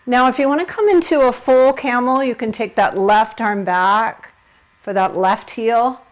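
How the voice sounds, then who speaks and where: A woman's voice: a little high, measured pace, rough recording. A woman leading a yoga class, giving encouraging instructions and laughing at herself while she holds the poses.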